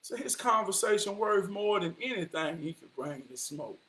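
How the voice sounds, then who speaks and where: A man delivering an impassioned motivational monologue, preaching his point and often rising to a shout. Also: high voice, expressive, normal speed. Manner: preachy, repeats "I promise you", rises to shouting. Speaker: vlogger giving life advice.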